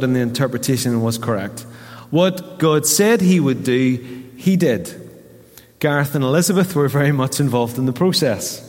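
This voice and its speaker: Northern Irish pastor preaching in a hall. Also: male voice, mid-range voice. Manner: storytelling, animated quoting of voices. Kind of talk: sermon. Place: church hall. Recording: reverberant church hall.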